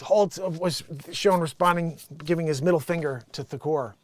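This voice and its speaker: A man's voice: a little high, normal speed, dry recording. A man hosting a casual online show, reading news stories and riffing on them with jokes. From United States. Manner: joking, acts out quotes. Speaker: vlog host reading news.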